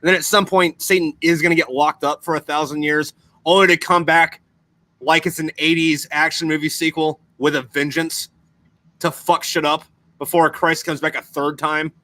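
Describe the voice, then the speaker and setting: Bright-voiced, profane rambling man. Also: on the high side, level tone, moderate pace. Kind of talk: casual podcast chat.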